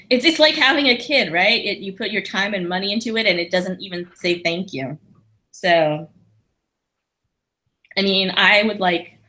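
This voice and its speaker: A woman's voice: mid-range voice, pushed and bright. A woman guest on a podcast, chatting casually and self-deprecatingly, with lots of restarts. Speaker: podcast guest, lawyer and comedian. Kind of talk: casual conversation.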